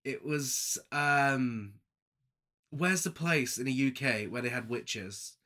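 A man's voice: mid-range voice, slow pace, bright, forceful tone. A man casually recapping a film with a co-host, joking, laughing often and acting out lines. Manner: jokey, laughs often, camp asides, acts out quotes. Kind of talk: casual chat.

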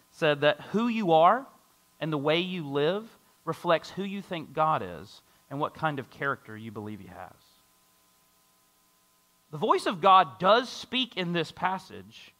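A man preaching a sermon to a congregation, reading scripture and acting out a doubter's voice. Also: a little high. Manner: lively preaching with a mocking skeptic voice and scripture reading. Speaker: pastor.

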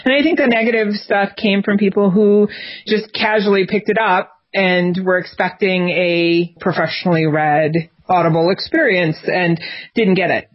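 A woman's voice: medium pitch, fairly even intonation, normal speed. Woman author, casual interview talk, rambling restarts, muffled dull sound. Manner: chatty, rambling with frequent restarts and laughs. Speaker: author guest.

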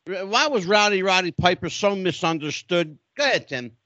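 A male radio host with a bright, lively voice that sounds a little muffled. He reacts to the guest's story with short remarks before turning the talk to a new question. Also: sits high, normal speed, no echo. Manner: reacts with laughs, then steers with questions. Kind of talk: casual interview.

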